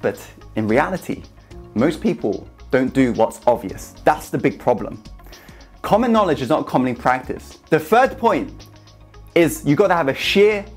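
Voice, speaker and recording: A man's voice: fairly high pitch, big pitch swings, normal speed, husky, soft background music. A man giving an earnest, emphatic motivational talk straight to camera, speaking to the viewer as one person. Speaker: motivational YouTube host. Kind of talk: direct-to-camera coaching talk.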